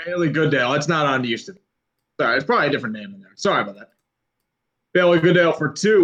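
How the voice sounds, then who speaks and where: A man's voice: on the high side, expressive, quick pace, long pauses, fairly bright tone. A man co-hosting a sports livestream, laid-back and chatty in casual talk about teams. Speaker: stream co-host.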